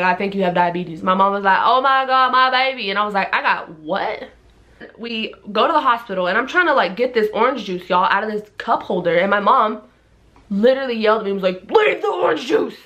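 Animated young woman telling a story. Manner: animated, acts out everyone in the story with big jumps in pitch. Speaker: vlogger. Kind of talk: casual storytime.

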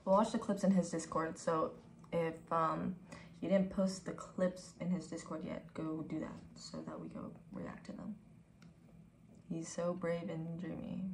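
A woman's voice: lowish voice, animated, a little slow, a little mellow, a little hiss or hum. A young woman in her twenties streaming from home, chatting casually with viewers in a laid-back, profane way that drifts into whispers. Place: home room. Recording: echoey room with faint ambience.

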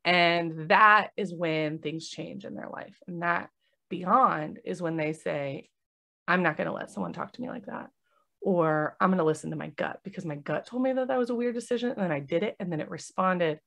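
A woman's voice: fairly low pitch, moderate pace, vocal fry. Nurse lady hosting a podcast, chatty, acts out what people said to her. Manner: animated storytelling, acting out quoted conversations. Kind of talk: casual podcast chat.

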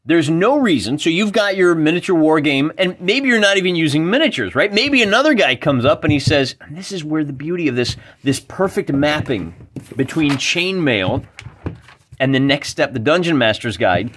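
A man's voice: fairly high pitch, lively intonation, moderate pace, a bit bright, a little hiss or hum. A man hosting a wargaming video, talking casually and enthusiastically while reading rules aloud. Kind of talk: casual explanatory talk.

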